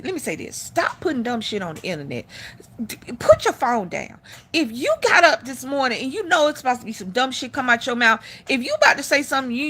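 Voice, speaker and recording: A woman's voice: sits high, sharp tone. A middle-aged woman hosting a live stream, giving blunt, profane opinions in casual talk.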